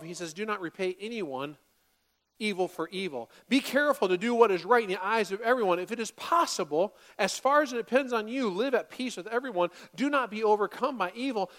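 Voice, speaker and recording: A woman in her forties, a pastor preaching a sermon to a congregation in a church, animated and dramatic, dropping to quiet asides and rising to loud bursts. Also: mid-range voice. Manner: animated, acts out quoted voices, swings from quiet to loud.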